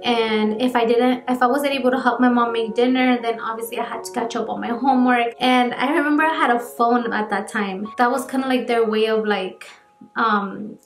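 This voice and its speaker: A woman in her twenties chats through a personal story for her vlog audience. Her voice sits high and her talk is loose and full of fillers. The room is echoey, and soft music plays underneath. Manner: chatty, many fillers. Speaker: vlogger. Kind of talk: casual storytime.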